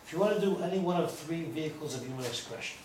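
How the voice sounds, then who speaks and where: Very fast and lively, a slightly high and somewhat mellow male voice belongs to a rabbi giving a small audience a chatty lecture that strays into stories and jokes. The informal talk is captured distantly in an echoey space with faint noise.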